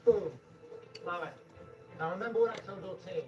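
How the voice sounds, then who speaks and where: A high-voiced man piles on flamboyant mock praise, his delivery gushing and theatrical. He sits a little away from the mic, so the sound is slightly distant. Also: brisk, music in the background. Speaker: comedic host. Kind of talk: comic banter greeting guests.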